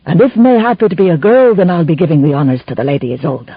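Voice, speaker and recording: A woman's voice: low-pitched, big pitch swings, a little fast, breathy edge, no room sound, full character voice. A woman voicing a hearty, boastful older Scottish laird with a Scottish accent and archaic speech, in a slightly muffled recording.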